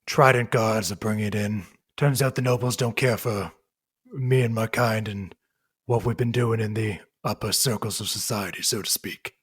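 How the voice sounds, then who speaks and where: A man voicing a shady male wererat gang boss who talks slowly and bargains with quiet menace. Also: fairly low pitch, fairly even intonation, slightly rough, voice pushed down. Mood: scheming. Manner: slow, dealmaking menace.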